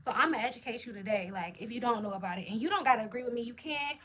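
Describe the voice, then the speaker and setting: A woman's voice: a little high, racing, fairly bright tone, a little hiss or hum. A woman hosting a livestream, chatting in a hyped, slangy, casual way while answering comments. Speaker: livestream host.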